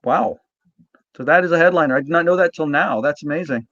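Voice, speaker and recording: Man hosting with quick eager reactions. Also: on the high side, a bit bright, no room sound. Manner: short eager reactions and questions. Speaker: podcast host. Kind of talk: casual interview chat. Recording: dry, dull lo-fi audio.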